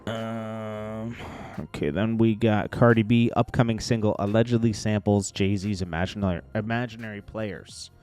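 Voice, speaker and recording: A man's voice: fairly low pitch, steady tone, moderate pace, darkish tone, soft background music. A man hosting a casual celebrity news commentary, rambling with chuckling asides. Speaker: host.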